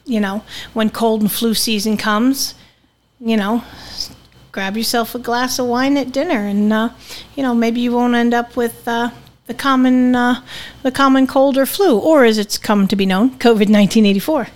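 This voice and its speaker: A woman's voice: on the high side, fairly even intonation, normal speed. A woman co-hosting a podcast in casual chat, with a Southern US accent that slips into New England, talking bluntly and joking crudely. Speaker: podcast co-host.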